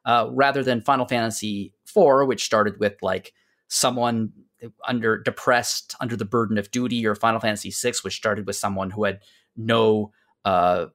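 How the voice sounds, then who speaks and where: A man hosting a casual podcast, recapping a game's story with lots of fillers and restarts, dropping to quiet asides. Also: fairly low pitch, fairly even intonation, moderate pace. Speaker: podcast host.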